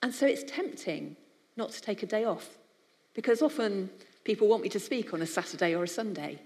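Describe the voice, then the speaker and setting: A woman's voice: medium pitch, animated, fairly quick. A woman from the United Kingdom giving a conversational sermon-style talk to a live audience, speaking as a biblical counselling speaker. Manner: warm conversational preaching with acted-out voices. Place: large hall with an audience. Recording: long hall reverb.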